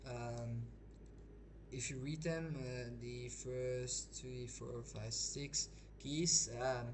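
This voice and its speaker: A man and English speaker, chatting casually over gameplay in a rambling, hesitant way full of restarts. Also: medium pitch. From Belgium. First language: not English. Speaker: gaming streamer. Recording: noisy home mic.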